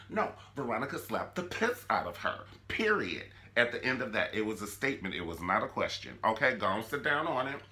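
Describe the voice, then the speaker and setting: A man hosting a comedic review vlog, with a flamboyant, sassy, animated and dramatic delivery. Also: on the low side. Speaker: show reviewer and host.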